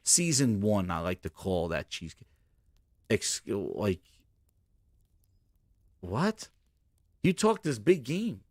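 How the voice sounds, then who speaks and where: Animated man ranting on a show. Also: fairly low pitch, takes it slowly, long pauses, dry recording, studio quality. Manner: loud, ranting, profane, acts out bits. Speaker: host. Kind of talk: animated solo gaming commentary.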